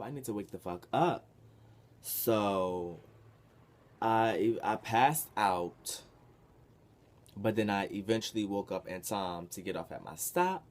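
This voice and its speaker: A young man telling a story from his past in a casual, animated, profane way, with sudden loud bursts. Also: on the low side. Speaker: vlogger.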